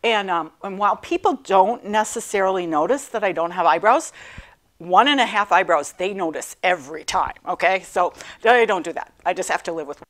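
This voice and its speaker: A middle-aged woman recounts surviving cancer in a class talk, her voice on the low side and her pace normal; she's animated, self-mocking and quick to laugh.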